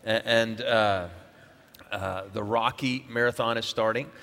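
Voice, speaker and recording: Middle-aged pastor guy rambling, lots of uh and restarts, mid pitch, long hall echo. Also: steady tone, a little slow, fairly bright tone. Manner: rambling, with many fillers and restarts. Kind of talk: casual sermon opening.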